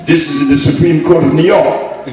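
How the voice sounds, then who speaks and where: A man telling stories to an audience as a lecturer, animated and playful, often laughing as he speaks. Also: on the high side, measured pace. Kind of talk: storytelling talk to an audience. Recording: roomy hall from far off.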